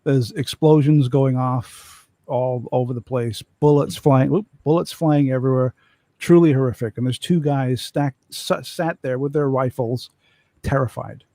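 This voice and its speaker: A man's voice: medium pitch, steady tone, measured pace, warm tone, no room sound. A man in a casual chat telling a long joke, restarting his phrases as he goes. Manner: storytelling with repeated restarts.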